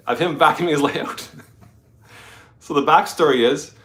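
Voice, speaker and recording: A man's voice: a little high, moderate pace, fairly bright tone. A Canadian man hosting a casual live stream, rambling chattily to his viewers and his dog, a little stuffy. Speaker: livestream host.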